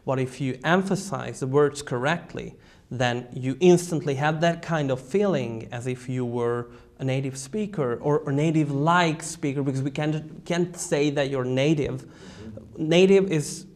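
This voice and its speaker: A man's voice: mid-range voice, measured pace, a little mellow. A man with a Hungarian accent interviewing a guest, asking long, carefully built questions.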